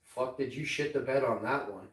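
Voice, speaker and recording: A man's voice: medium pitch, moderate pace, roomy sound, far from the mic, poor audio. Foul-mouthed man in his forties, off-mic. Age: 40s. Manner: profane, rambling, mocking. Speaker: live streamer. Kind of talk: casual chat with an AI assistant.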